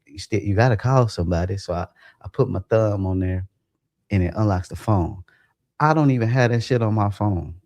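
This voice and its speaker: On a dry recording, a man with a gravelly voice hosts a livestream and tells a wild story about a dream in a casual way. He swears, stays animated, and leaps to a high pitch when quoting his own words.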